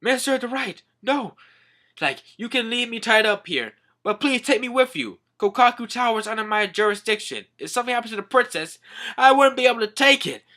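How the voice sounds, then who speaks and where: A man doing a shrill, panicky royal minister. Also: very animated, normal speed, creaky, pushed and bright, exaggerated voice. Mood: alarmed. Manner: shrill, alarmed, exclaiming.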